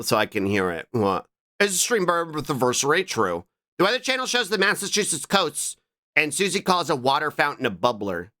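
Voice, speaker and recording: A man's voice: medium pitch, sharp tone. A man streaming live, chatting casually, rambling and repeating himself as he answers chat.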